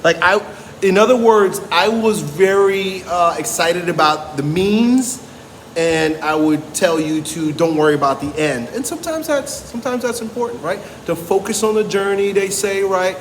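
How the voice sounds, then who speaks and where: A blunt, emphatic man talks casually about training with a fairly high voice. He keeps tossing in "right?" and swears without hesitation. His voice rings with a long echo over a faint background hiss. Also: lively intonation, moderate pace. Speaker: strength coach. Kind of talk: casual motivational talk to camera.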